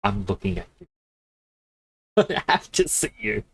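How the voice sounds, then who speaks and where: A man streaming a game, sniffling a little and telling rambling stories with quick laughs into a desk mic. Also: on the low side, sing-song, gravelly, fairly bright tone, breathy edge. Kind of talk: casual chat while gaming.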